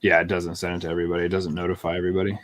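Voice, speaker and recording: A man with a lowish voice chats casually while streaming a farming game with a friend. He tells stories in a laid-back way. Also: little pitch movement, rapid-fire. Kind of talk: casual gameplay chat.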